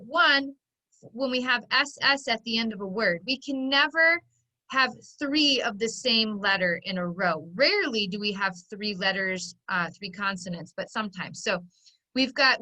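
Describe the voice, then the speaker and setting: Bright-voiced woman teaching phonics. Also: a little high, rough recording. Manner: slow, clearly sounding out letters and syllables. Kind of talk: phonics lesson.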